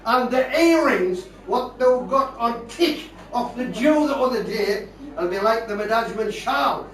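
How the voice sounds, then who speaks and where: A cheeky old housewife from a Northeast English mining town trades insults in a sharp-tongued rhyme, as a man recites her. The voice sits high and carries across a roomy hall, caught from a distance with an audience behind. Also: expressive, unhurried. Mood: scolding.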